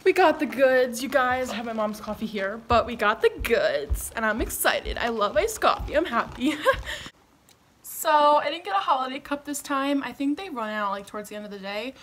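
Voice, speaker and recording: A woman's voice: a little high, expressive, moderate pace, a little hiss or hum. A young woman chatting to camera in a casual vlog, bubbly and gushing, giggling often. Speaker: vlogger.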